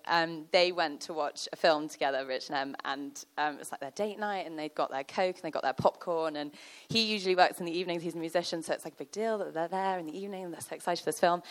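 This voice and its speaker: Woman, church talk, casual storytelling, lots of "like" and "um", middle pitch. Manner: chatty, many fillers, storytelling with laughs. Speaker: church speaker. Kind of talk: conversational sermon.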